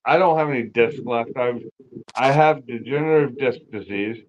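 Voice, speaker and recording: A man's voice: mid-range voice, moderate pace, muffled recording, slight background noise. A man talking casually on a livestream, blunt and swearing often. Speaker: guest on a car livestream. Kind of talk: casual chat.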